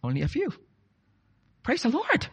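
A man preaching a sermon, from the Philippines, lively and animated as he quizzes the congregation. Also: very high voice, normal speed, breathy edge.

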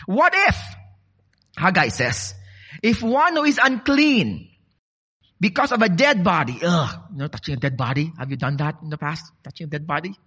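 Male preacher, from the Philippines, bright tense voice, lively pitch, quizzing congregation. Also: normal speed, husky. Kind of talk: sermon.

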